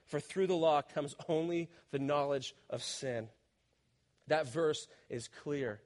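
A man preaching a sermon as a youth pastor, telling a personal story in an animated, self-deprecating way before pressing his point with rising emphasis. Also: fairly high pitch, slow pace.

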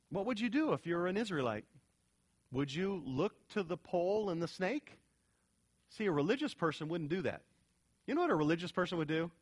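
A middle-aged male pastor preaching a sermon, swinging from loud, emphatic stretches to quiet, earnest ones. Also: on the high side.

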